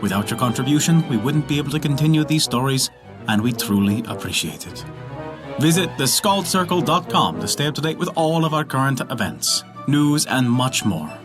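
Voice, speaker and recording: A man narrating a folk tale and hosting a story podcast, in an expressive, scripted storytelling manner. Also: mid-range voice, normal speed, music in the background.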